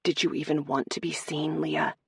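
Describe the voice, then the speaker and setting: A brooding noble lord who gives orders and also speaks tenderly, as a woman reads him. His voice sits very low, husky and gravelly. The read is dry and close to the mic. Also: animated, normal speed, no room sound, full character voice. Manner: commanding, then tender.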